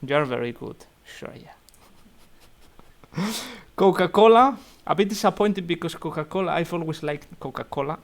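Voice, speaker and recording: In a video-call portfolio review, a young man running a student investment society thinks aloud, stumbling through fillers and restarts on his computer mic. His voice is gravelly and fairly high, with lively intonation, a slightly fast pace, and few pauses.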